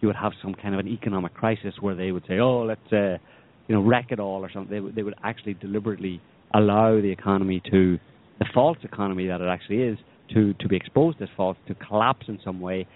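Low-voiced man, sardonic political chat, rambling, thin phone-line sound. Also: fairly even intonation, quick pace. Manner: rambling, sardonic, many restarts. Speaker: podcast co-host.

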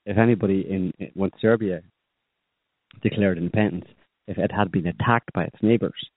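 A man's voice: low-pitched, steady tone, fairly quick, no echo. A man in a political discussion who talks in an opinionated, rambling way with many fillers. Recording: phone-like dry line.

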